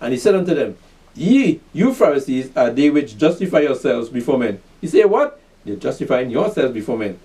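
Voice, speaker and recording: Male preacher, lively swooping delivery, mellow tone, recorded off mic, drills the room with call-and-answer questions. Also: mid-range voice, brisk, far from the mic, low-quality recording. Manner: repeats "pay attention", asks and answers his own questions. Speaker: preacher teaching a class. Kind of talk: fiery street-style scripture teaching.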